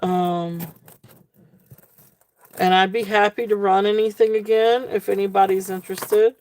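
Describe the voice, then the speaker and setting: A woman hosting a live jewelry sale stream, talking casually with many fillers and a relaxed, tired manner. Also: mid-range voice, unhurried.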